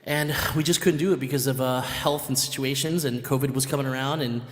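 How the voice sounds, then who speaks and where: A man from a band telling a lively story in casual chat, laughing and acting out what people said. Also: mid-range voice, a little fast. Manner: animated, laughing, acts out quotes. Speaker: band member, musical guest. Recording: long hall reverb.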